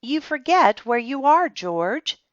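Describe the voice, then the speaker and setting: A woman's voice: sits high, sing-song, slow pace, dry recording, dull audio, pitched above the performer's own voice, heavily acted. A woman voicing a prim, proper mother in a storybook reading.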